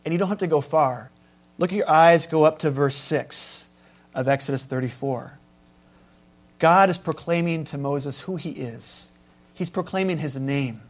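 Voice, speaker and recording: A pastor preaching a sermon, stressing key words loudly and then dropping to quiet asides. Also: male voice, on the high side, moderate pace. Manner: emphatic, swings between loud stresses and quiet asides.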